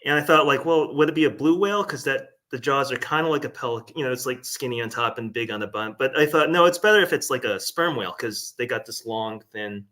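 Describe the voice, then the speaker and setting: A man talking as a guest artist in a casual interview, hesitant and animated, with plenty of "um" and "like". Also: medium pitch, fast, hardly any pauses.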